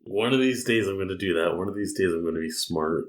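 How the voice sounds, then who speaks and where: A man co-hosting a games podcast, talking in a relaxed, hedging way. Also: deep voice, quick pace. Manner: relaxed, hedging with likes and ums. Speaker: podcast co-host. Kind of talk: casual chat.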